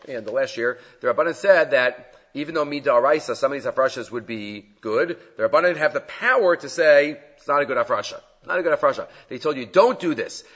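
Animated man teaching a Talmud class. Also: medium pitch, husky. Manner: animated, rhetorical questions, dramatic retelling. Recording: dull lo-fi recording.

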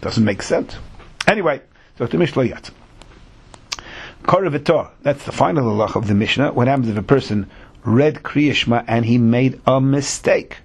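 Husky-voiced man teaching a Talmud lesson. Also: medium pitch, moderate pace. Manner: mixes Hebrew and Yiddish terms into explanations, rhetorical questions.

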